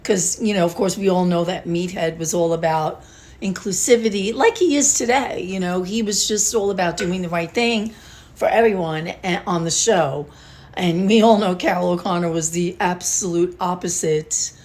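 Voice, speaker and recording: An older woman, a beauty vlogger, chats casually and emotionally to her viewers on camera, rambling with sighs and restarts. Her voice is lowish and darkish in tone, and she speaks at a normal speed.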